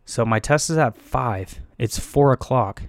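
This young man, from the San Francisco Bay Area, speaks in a mid-range voice at a measured pace, the studio-quality recording free of echo. He tells a loose, rambling story, swearing frequently, laughing at himself, and acting out his panicked thoughts.

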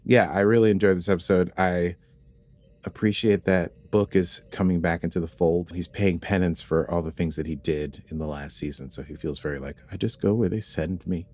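A man with a very low voice chats casually on a podcast about a TV episode. He rambles playfully through asides and corrects himself mid-sentence. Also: steady tone, normal speed, a little mellow. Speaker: podcast co-host.

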